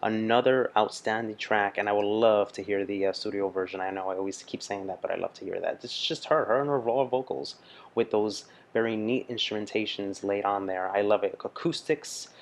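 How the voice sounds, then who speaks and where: A man's voice: lowish voice, fairly even intonation, brisk. A man hosting a music reaction video, talking in a casual, gushing way with lots of fillers and restarts.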